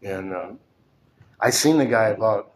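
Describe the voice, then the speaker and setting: A man in his sixties telling a personal story in a halting way, full of "and, uh", often sinking almost to a whisper. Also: fairly low pitch. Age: 60s. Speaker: storyteller recounting his past. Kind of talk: personal testimony.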